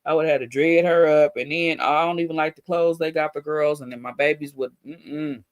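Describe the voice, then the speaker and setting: A woman's voice: deep voice, fairly even intonation, a little fast, dry recording. Middle-aged woman, livestream host, blunt, profane, laughing storyteller, dry voice. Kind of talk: casual livestream chat.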